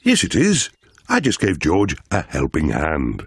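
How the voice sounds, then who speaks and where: Daddy Pig, deep and jolly. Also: male voice, huge pitch swings, measured pace, vocal fry, a little hiss or hum, heavily acted. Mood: cheerful. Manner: cheerful, chuckling, kindly. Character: jolly good-natured father pig. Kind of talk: children's cartoon voice acting.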